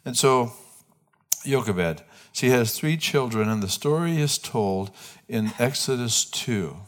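A man's voice: mid-range voice, lively intonation, slow. A man preaching a sermon as pastor, talking conversationally, restarting phrases and putting questions to the congregation. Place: church.

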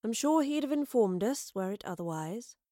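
A woman's voice: mid-range voice, a little slow, dry recording, lightly acted. A woman voicing a mysterious soothsayer woman who talks in formal riddles with dry sarcasm, in a dry close recording. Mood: cryptic, dry. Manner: calm, riddling, formal speech.

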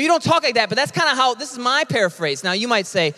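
A man preaching a sermon as a pastor, animated and conversational, with quick asides. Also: very high voice, long reverb tail.

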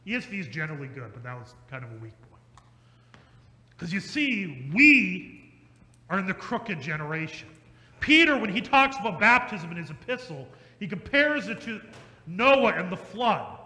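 A male pastor preaching an emphatic, repetitive sermon that slows down for stress and speeds up in asides. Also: sits high, big pitch swings, pushed and bright. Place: church sanctuary. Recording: echoey church hall.

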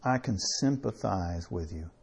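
A man preaching a sermon in a conversational way, with chuckles and slow emphatic pauses. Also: low-pitched, expressive, gravelly, slight background noise.

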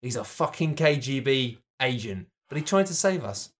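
A man co-hosting a comedy podcast, telling absurd stories in a deadpan, rambling way with many restarts. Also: medium pitch, moderate pace. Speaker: podcast co-host.

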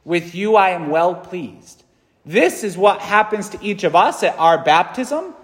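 A man's voice: sits high, sing-song, a little slow. A man in his thirties, a priest giving a conversational, earnest sermon in a large church, often checking in with "right?". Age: 30s. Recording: long church reverb.

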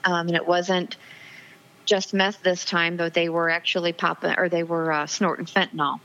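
A woman's voice: on the low side, level tone, moderate pace, a bit bright. Earnest woman telling her story by phone. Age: 40s. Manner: earnest, emotional storytelling with frequent ums. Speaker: guest. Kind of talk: personal testimony in interview. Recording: dull lo-fi phone audio.

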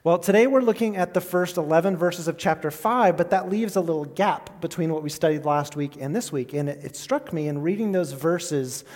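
A man's voice: fairly high pitch, fairly quick, hardly any pauses, a little mellow. A man preaching in a conversational, lightly raised voice, throwing questions out to the congregation and restarting his phrases as he goes. His words ring out with a long reverb from a church hall. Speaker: pastor. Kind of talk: sermon.

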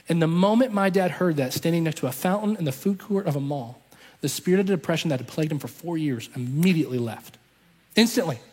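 A man's voice: on the high side, darkish tone, husky. A man preaching a sermon, telling a story with passion and driving his points home through repetition. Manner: impassioned storytelling with emphatic repetition. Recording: long reverb of a large hall.

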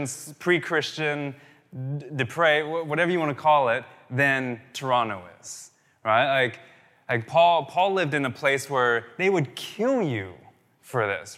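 A man in his thirties preaching a sermon as pastor, animated and conversational, with many restarts. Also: mid-range voice. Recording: long hall reverb.

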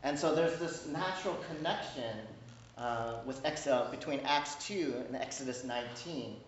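A male pastor preaching a sermon in a conversational, animated way, often checking in with the congregation and acting out small exchanges. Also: medium pitch, normal speed, a little hiss or hum. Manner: conversational, keeps asking "right?"; animated, acts out little dialogues. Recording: roomy echo, distant mic, dull sound.

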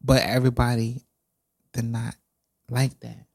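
A man co-hosting a podcast, talking in an animated, dramatic and emotional way, close to tears at times. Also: medium pitch, a little slow, vocal fry. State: tearful. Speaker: podcast co-host. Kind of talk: casual podcast chat.

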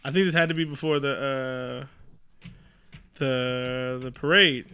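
A man co-hosting a casual movie recap, profane and animated, slipping into mocking quoted voices. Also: mid-range voice, unhurried, clear, resonant tone. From New York. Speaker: podcast co-host.

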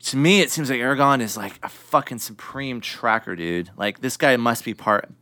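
A man's voice: medium pitch, normal speed, sharp tone, dry recording. A young man co-hosting a podcast, rambling with fillers and frequent swearing. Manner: profane, rambling, hesitant. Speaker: podcast co-host. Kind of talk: casual chat.

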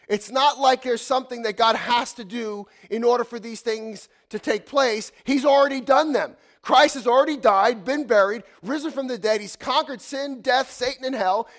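A man in his fifties preaching a sermon in a church, animated, swinging from loud exclamations to hushed asides. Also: extremely high pitch. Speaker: pastor.

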